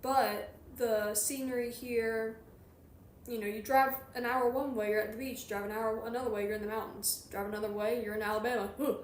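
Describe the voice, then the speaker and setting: A woman's voice: on the high side, steady tone, a little fast, a little hiss or hum. Chatty Southern woman, echoey room. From Georgia, USA. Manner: rambling, chatty, reads and answers chat. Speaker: streamer. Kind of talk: casual chat while crocheting on a livestream.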